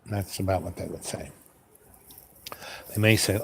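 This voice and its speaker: A man with a lowish voice rambles through a casual solo talk as host. He drifts from point to point and muses aloud with plenty of restarts. Faint noise sits under him. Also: fairly even intonation, measured pace, long pauses. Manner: meandering, musing, asks himself questions.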